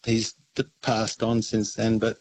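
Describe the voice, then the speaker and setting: A man's voice: lowish voice, monotone, a little slow, darkish tone, slight background noise, poor audio. A man on his first call to a radio show, telling a story in a friendly, rambling way. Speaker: first-time caller. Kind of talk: phone-in storytelling.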